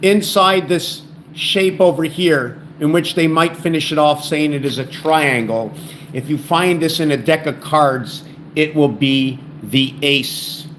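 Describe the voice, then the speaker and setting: With a fairly high, slightly bright voice and a somewhat slow pace, a man rambles through his word and number theories on his own video channel. He stumbles and restarts words while thinking aloud; the home camera recording carries a little hiss or hum.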